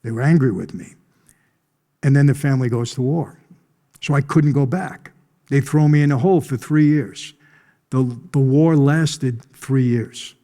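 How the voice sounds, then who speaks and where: A man's voice: medium pitch, measured pace, mellow. A middle-aged man, telling his life story bluntly to a conference audience. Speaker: conference speaker. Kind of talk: storytelling testimony.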